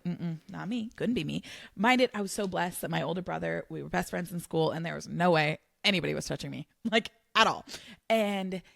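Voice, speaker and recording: Earnest woman with a gravelly edge. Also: fairly low pitch, a bit bright. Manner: earnest, emotional, quick bursts of affirmation. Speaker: podcast co-host. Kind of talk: candid faith podcast conversation.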